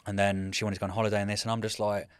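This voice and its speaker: A man in his thirties, a military veteran guest, telling rambling, animated stories in casual chat and often saying "mate". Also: fairly low pitch, very fast, clean tone, no echo. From United Kingdom.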